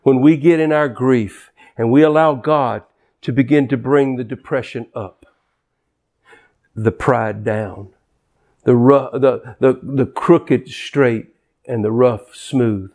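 A man in his sixties preaching a sermon with passion, dropping to hushed tones and rising to near-shouts. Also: mid-range voice, slow. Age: 60s.

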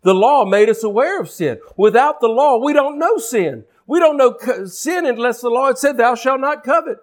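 A man's voice: very high-pitched, animated, moderate pace. A man preaching a sermon with passion, repeating and restarting his phrases and acting out the speech he quotes.

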